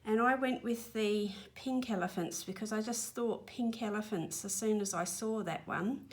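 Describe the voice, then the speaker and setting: Colouring at home in her spare-room studio, this Australian channel host rambles on as she works, a bit breathless and apologetic. She speaks at a normal pace in a mid-range voice.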